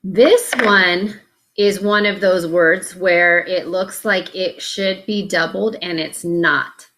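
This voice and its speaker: Woman doing a phonics lesson, slow and patient, sounds out letters one by one. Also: fairly low pitch, fairly bright tone, a little hiss or hum. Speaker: teacher.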